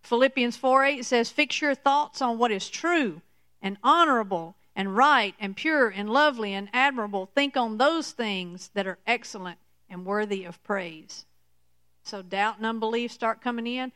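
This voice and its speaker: A woman preaching a sermon in a slow, emphatic teaching manner, often checking in with "okay?". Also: on the high side, fairly bright tone, clean tone, no room sound.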